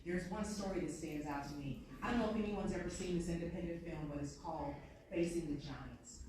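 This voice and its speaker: Speaking fairly quickly in a lowish voice, a woman delivers a story-driven motivational keynote in a big conference room. She is earnest and returns to her points repeatedly. The audio picks up background noise and sounds far off in an echoing hall.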